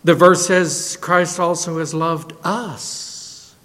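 A male pastor delivers a sermon in a voice pitched well above most men. His reading swings between hushed, lowered phrases and loud, lifted exclamations. A long hall reverb trails after every line. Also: fairly even intonation, takes it slowly. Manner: preaching, swinging from soft low lines to loud high exclamations.

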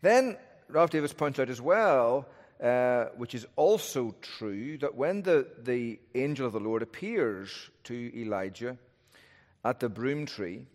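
With lively intonation and an unhurried delivery, a man in the mid-range preaches an expository sermon as a pastor. He speaks thoughtfully and conversationally, frequently asking rhetorical questions, and the audio has the long echo of a large hall.

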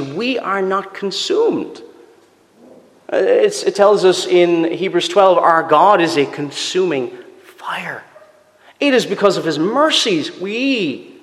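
A man preaching a sermon in an earnest, emphatic way, asking his listeners rhetorical questions. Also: a little high. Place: church. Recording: long church reverb.

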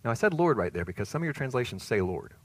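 A man preaching a sermon as pastor, earnest and emphatic, rising to loud peaks and dropping to soft, hushed phrases. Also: mid-range voice, big pitch swings, racing, no echo.

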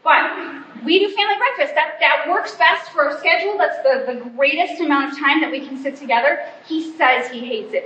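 A woman in her forties, a pastor's wife, gives a chatty, self-deprecating church talk and acts out snippets of family conversation. Her voice is high-pitched, pushed and bright. The recording sounds roomy and a bit muffled, as if made in a hall, with slight background noise.

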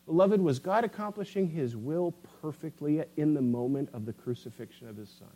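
A man's voice: a little high, brisk, mellow, rough recording. A man preaching a sermon with impassioned, rising and falling emphasis, addressing listeners as beloved.

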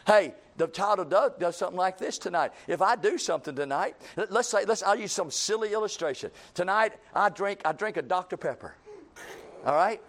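A man's voice: sits high, lively intonation, a little fast, fairly bright tone. A man preaching a sermon, folksy and repetitive, building to emphatic calls and acting out everyday scenes.

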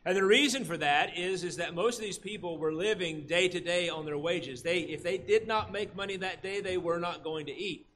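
A man's voice: sits high, moderate pace, hardly any pauses. A man preaching a sermon, explaining a passage and acting out the characters' complaints with animation. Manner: animated, acts out the workers' complaints.

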